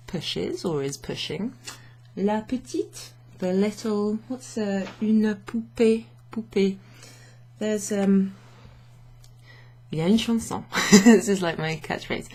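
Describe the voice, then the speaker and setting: In her home office with a standing desk, a young woman gives a casual, chatty French lesson, switching between English and French and laughing a lot. Her medium-pitched voice is darkish and slightly rough, and she speaks slowly.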